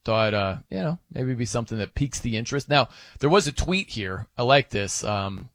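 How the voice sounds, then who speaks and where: A man hosts sports radio in loose, joking banter, his pitch jumping all over as he rambles along with fillers. The sound is close and dry off a studio mic, with no room around it. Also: expressive, a little fast, a bit bright, dry recording. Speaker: sports radio fill-in host.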